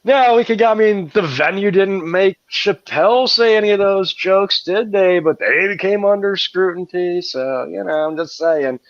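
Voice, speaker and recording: A man with a thick New York accent tells rambling, profane stories, laughing often. His voice sits a little high. The recording is muffled and lo-fi, with no room echo. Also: normal speed, hardly any pauses. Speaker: band member guest. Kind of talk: casual crude podcast banter.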